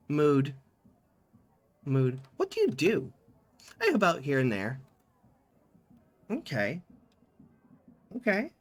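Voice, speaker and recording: A man's voice: on the high side, dry recording. A man streaming a text game, reading its dialogue aloud and chatting about it. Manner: lively, reads in-game dialogue with small voice changes.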